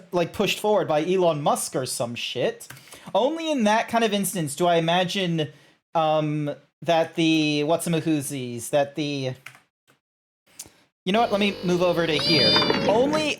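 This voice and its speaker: A man streaming live, rambling casually with lots of fillers and swearing. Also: a little high.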